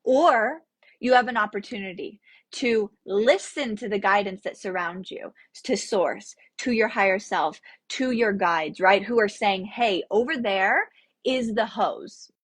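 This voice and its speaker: Chatty woman with a breathy voice. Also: medium pitch, measured pace, no echo. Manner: chatty, animated, laughs often, addresses viewers with "okay?". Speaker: spiritual teacher hosting a live stream. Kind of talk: casual live-stream talk. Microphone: headphone mic.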